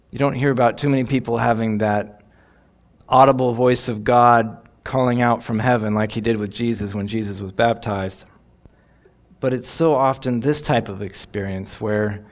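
A man giving devotional Bible teaching in an earnest, reflective way, lingering on key phrases. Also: medium pitch.

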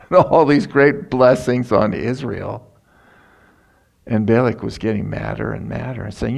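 Slow, gravelly preacher man. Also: lowish voice, steady tone, darkish tone. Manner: folksy, storytelling. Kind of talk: sermon.

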